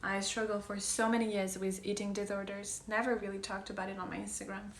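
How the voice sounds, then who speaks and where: A woman's voice: medium pitch, level tone, a little fast, roomy sound, a little hiss or hum. A woman coach talking earnestly in a casual heartfelt monologue, pressing her points and sometimes sinking to a whisper. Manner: earnest, emphatic, drops to whispers. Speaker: wellness coach.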